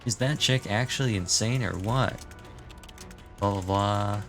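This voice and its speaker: A man's voice: fairly low pitch, a little slow, faint music behind. A man streaming his reaction to a game, musing casually and reading the story text aloud.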